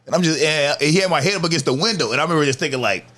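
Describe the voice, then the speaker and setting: A man, a comedian guest on a podcast, telling stories in animated, profane, laughing chat. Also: on the high side, racing.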